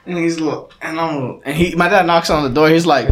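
A man's voice: a little high, brisk, a little hiss or hum. A young man co-hosting a podcast, telling a rambling story in casual chat, swearing often and acting out what other people said. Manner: animated storyteller, swears a lot, acts out quotes. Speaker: podcast co-host.

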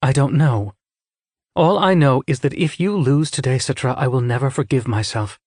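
A man's voice: mid-range voice, normal speed, a little mellow, slightly rough, dry recording, studio quality, pitched above the performer's own voice, natural voice. A man reading an audiobook, voicing a revered elderly woman scythe who is anxious and protective in an earnest, tender way.

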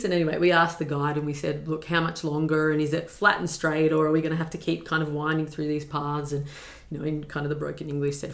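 A young woman with a deep voice and a gravelly edge recounts a personal story as a podcast guest. She is earnest and reflective and pauses on fillers. The room around her is echoey. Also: level tone, a bit bright.

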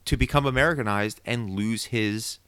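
Low-voiced man theorizing in a podcast. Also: moderate pace, smooth, dry recording. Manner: opinionated, animated theorizing. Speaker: podcast co-host. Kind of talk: casual recap chat.

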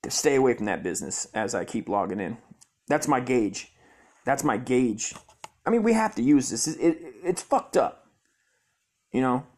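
A man's voice: medium pitch, animated, fairly quick, darkish tone. A young man hosting his own podcast, ranting profanely and muttering in frustration at his computer. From Southern California. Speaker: podcast host. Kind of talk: rambling solo podcast rant.

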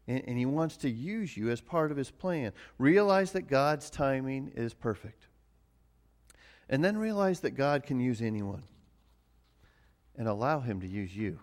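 A middle-aged man preaching a sermon as pastor, earnest and often repeating words as he starts a phrase. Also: medium pitch.

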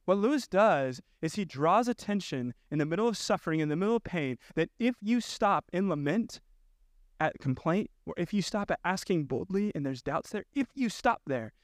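A man's voice: high voice, lively intonation, normal speed, dry recording, clean studio sound. A male pastor preaching a sermon, earnestly reading quoted passages aloud. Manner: earnest, reads quotes with rising intensity.

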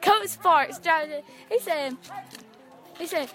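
A high, bright-voiced teenage girl tells a story at full volume. She swears freely and acts out every voice in her tale. She is recorded outdoors at a ball game. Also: takes it slowly, long pauses, soft background music. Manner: loud, profane, animated storytelling. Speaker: podcast co-host. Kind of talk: casual storytelling chat.

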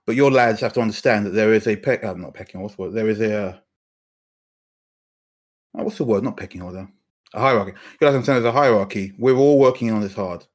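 A man's voice: on the low side, fast talker, close to an everyday voice. A man voicing a tired male police sergeant, diplomatic and apologetic. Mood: placating.

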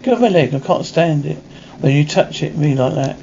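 A man's voice: a little high, expressive, a little fast, gravelly, dark tone, slight background noise. A man doing a rambling manic asylum patient. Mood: agitated. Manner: rambling, jittery, rants. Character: manic male ex-pilot in a psych ward. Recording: dull lo-fi recording.

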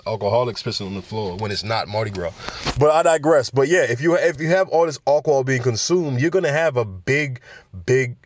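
A man's voice: mid-range voice, dry recording. Rambling man hosting a dry-sounding podcast. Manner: rambling, profane, frequent stumbles and restarts; addresses listeners directly with questions. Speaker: podcast host. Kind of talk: casual cannabis business podcast.

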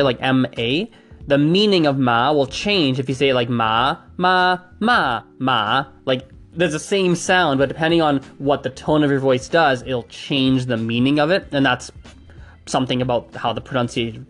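A man casually explaining pronunciation facts, chatty and hedging, trying out sounds aloud as he goes. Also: medium pitch. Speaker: language enthusiast explaining pronunciation.

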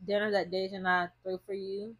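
Husky young woman hosting a podcast. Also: mid-range voice, flat delivery, a little fast. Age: young adult. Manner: gentle, rambling interviewer. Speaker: podcast host. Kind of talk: casual chat.

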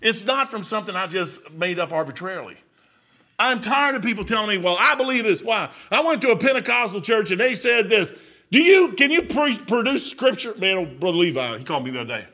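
A middle-aged man preaching a sermon in a folksy, storytelling way, dropping to quiet asides and rising to loud exhortation. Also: high-pitched, very animated, brisk. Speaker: pastor.

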